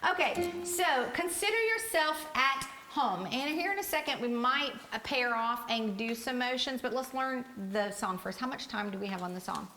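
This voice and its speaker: A woman's voice: on the high side, fairly quick, hardly any pauses, sharp tone. A woman teaching a theatre workshop to a group, chatty and encouraging. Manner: chatty, encouraging, laughs easily. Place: echoey rehearsal room with a group. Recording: roomy echo, faint hiss.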